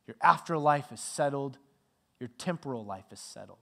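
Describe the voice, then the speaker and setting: A middle-aged male pastor preaching a sermon with dramatic swings from loud emphasis to hushed near-whispers. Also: mid-range voice, moderate pace.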